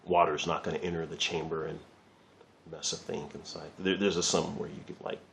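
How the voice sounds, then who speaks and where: A man's voice: sits low, little pitch movement, a little fast, gravelly, fairly bright tone, slight background noise. A man giving a casual, rambling drawing lesson while he works, chatting loosely and swearing lightly. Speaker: art teacher.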